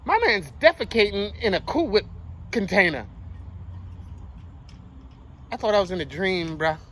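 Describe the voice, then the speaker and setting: A young man telling a story to his viewers in casual street slang, animated and full of swearing. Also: high-pitched, measured pace, slight background noise, low-quality recording. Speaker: vlogger.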